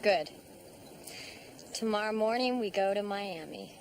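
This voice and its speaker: An actress playing a brisk, dry-witted female investigator in charge, in a TV drama. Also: mid-range voice, lively intonation, background noise. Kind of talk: TV drama acting. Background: music.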